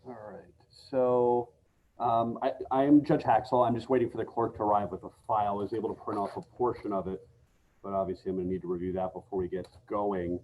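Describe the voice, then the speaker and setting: A man presiding as a judge over a remote court hearing, speaking formally and at a measured pace, with frequent filler pauses. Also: on the low side, level tone, narrow, tinny audio.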